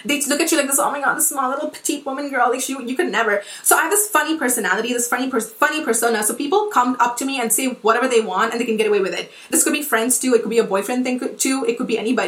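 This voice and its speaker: A woman's voice: on the high side, fairly bright tone, far from the mic. A woman in her twenties ranting in casual podcast talk, emphatic and profane, full of likes and restarts. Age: 20s. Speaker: podcast host and influencer. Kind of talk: heated casual rant. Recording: roomy echo.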